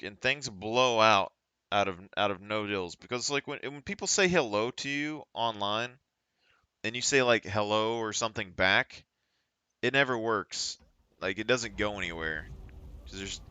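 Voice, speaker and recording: Bright, clear-voiced male streamer. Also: on the low side, no echo. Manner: rambling, anecdotal, thinking aloud. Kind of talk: casual live-stream chat while gaming.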